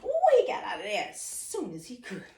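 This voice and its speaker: Woman, folk tale storyteller, singsong and rhythmic, high lively voice, distant mic, echoey room. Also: normal speed, heavy background noise. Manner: animated, singsong, repeats phrases rhythmically.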